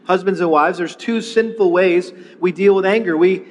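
Male pastor, high voice, earnest sermon, stumbles and repeats words, long hall reverb. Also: normal speed. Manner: earnest, repeats words when starting phrases.

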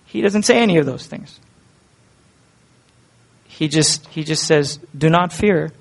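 A man with a high voice preaches a sermon. He talks earnestly and conversationally, and he keeps asking his listeners questions. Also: measured pace, gravelly.

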